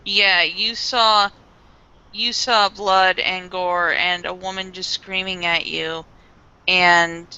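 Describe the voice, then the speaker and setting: A woman narrating a tabletop role-playing game as game master, describing scenes in a measured way, on a dull lo-fi recording. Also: lowish voice, flat delivery, pushed and bright, clear, resonant tone.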